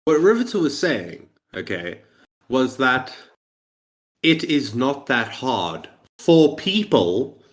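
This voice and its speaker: A man's voice: mid-range voice, sing-song, takes it slowly. A man co-hosting a podcast in casual chat, explaining his points insistently. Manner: lecturing, insistent, stating facts. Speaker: podcast co-host.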